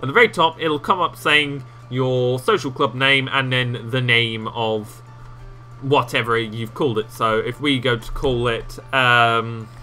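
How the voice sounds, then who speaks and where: A man walking viewers through video editing software in a casual, rambling tutorial with self-mocking asides, recorded on a desktop microphone. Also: mid-range voice, steady tone, measured pace, faint music behind. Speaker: game tutorial host.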